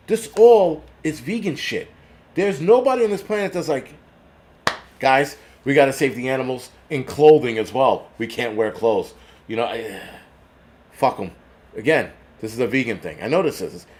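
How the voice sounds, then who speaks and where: New york guy ranting and cussing over a list he reads out, sarcastic, kinda high voice. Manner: angry, profane and sarcastic. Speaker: prepper channel host.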